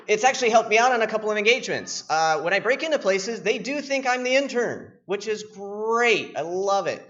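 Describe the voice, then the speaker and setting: A young man giving a casual, joking conference talk as a penetration tester, telling anecdotes in an animated way. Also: high voice, fairly quick. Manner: animated, joking, acts out voices. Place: conference room. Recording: dull lo-fi conference recording.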